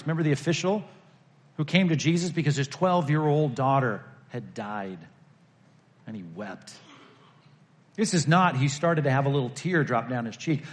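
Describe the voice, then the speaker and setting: A male preacher with a higher-pitched voice speaks conversationally with those gathered for the sermon. Some lines ring out emphatically while others fall to a hush.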